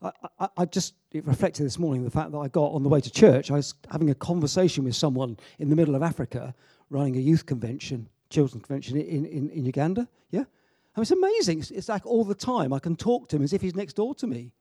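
A man's voice: on the high side, animated, fast talker, dark tone, husky, no echo, clean studio sound. A man giving an informal, joking sermon with frequent asides and restarts. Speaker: preacher. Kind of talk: informal sermon to a youth audience.

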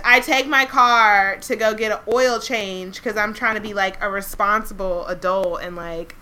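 A young woman co-hosting a podcast, telling a story in a casual, animated way with a lot of swearing. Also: medium pitch, clear, resonant tone. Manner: animated, profane, laughs often. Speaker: podcast co-host.

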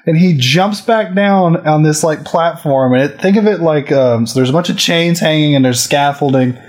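A man's voice: on the high side, moderate pace. A man in casual chat who swears a lot and acts out scenes while retelling a movie plot.

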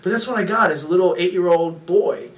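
A middle-aged man preaching a sermon as pastor, telling family stories in a joking, animated way. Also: high-pitched, fairly quick. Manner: storytelling, jokey, animated with impressions. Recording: echoey room, mic from a distance.

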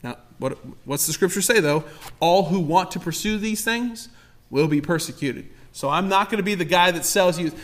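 A man's voice: sits high, normal speed. A male pastor delivering a sermon with impassioned, emphatic preaching and repeated exhortations.

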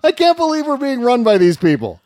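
A man's voice: extremely high pitch, sing-song, a little fast, a little mellow, dry recording. A man hosting a political podcast in a casual, sarcastic chat, laughing often. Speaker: podcast host.

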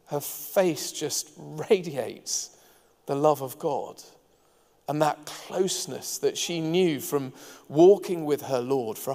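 A man's voice: on the high side, gravelly, darkish tone. A man preaching a sermon as pastor, earnest and engaging, with light asides to the congregation. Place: church hall. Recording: long hall reverb.

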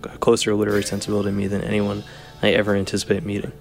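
A man's voice: on the low side, monotone, very fast, creaky, soft background music. A young man with a New Jersey accent, a podcast guest who rambles in casual chat with dry humor and often trails off.

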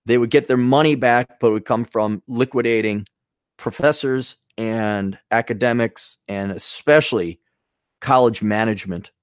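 A man hosting a solo podcast in a blunt, scornful rant full of swearing. He drifts from tangent to tangent and keeps restarting his sentences. His mid-pitched voice sounds dry and close, with no room echo. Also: normal speed, smooth. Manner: profane, blunt, scornful ranting; loose, digressive, with frequent restarts. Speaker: podcast host.

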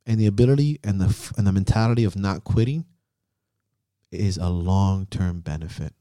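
A fairly low-voiced man hosts a podcast with an intense, profanity-heavy pep-talk manner. His tone is dark and mellow. The recording is close and dry, with no room sound. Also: moderate pace, dry recording. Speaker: podcast host. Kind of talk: motivational podcast chat.

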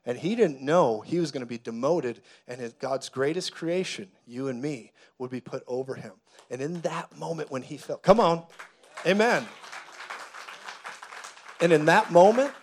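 Fervent man preaching a sermon. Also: fairly high pitch. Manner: dramatic storytelling, builds to loud fervent preaching. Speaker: pastor.

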